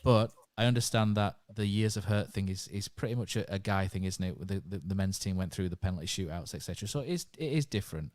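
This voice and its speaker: A man's voice: deep voice, quick pace, hardly any pauses, darkish tone, dry recording, studio quality. A man hosting a podcast in an easygoing, chatty manner. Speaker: podcast host. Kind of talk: casual podcast chat.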